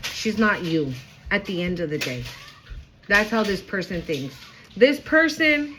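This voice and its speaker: A woman's voice: mid-range voice, low-quality recording. A woman giving a casual spiritual reading straight to her viewers, emphatic and chatty, with casual swearing. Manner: excitable, quick swings in loudness. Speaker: intuitive card reader.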